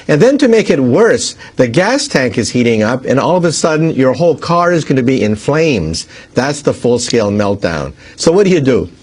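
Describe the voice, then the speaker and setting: A man's voice: medium pitch, darkish tone, breathy edge. A man explaining a nuclear accident as an expert, building long everyday analogies step by step. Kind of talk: explanatory interview speech.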